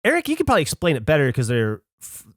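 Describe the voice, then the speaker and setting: A man's voice: on the high side, huge pitch swings, very fast, no room sound, clean studio sound. A man on a podcast casually telling a long anecdote, acting out the people he quotes in a raised voice. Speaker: podcast host. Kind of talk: casual storytelling chat.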